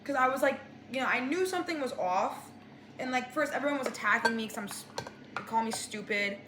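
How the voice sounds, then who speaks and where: A woman's voice: on the high side, lively intonation, brisk, background noise. A young woman in her twenties telling a storytime rant, chatty and exasperated, full of "like.". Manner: chatty, exasperated, sprinkles "like" everywhere. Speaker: vlogger. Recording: echoey room with dish and cutlery clatter.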